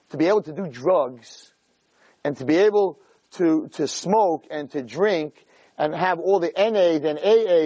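A middle-aged man giving a jokey, animated storytelling talk as a rabbi, peppering it with "right?". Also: sits high, no room sound. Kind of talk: storytelling lecture.

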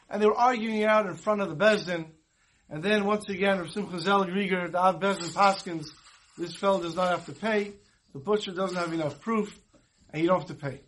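A man gives a relaxed, storytelling Torah class in a fairly high voice. He talks conversationally and drops Hebrew and Yiddish terms in as he goes. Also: a little fast. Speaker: rabbi teaching a Torah class. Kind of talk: storytelling sermon.

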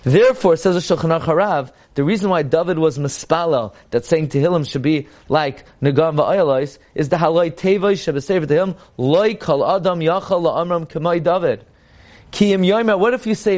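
Male Torah teacher, lively lecture delivery. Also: fairly high pitch, normal speed. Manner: animated lecturing, mixing English with Hebrew and Yiddish-accented quotes.

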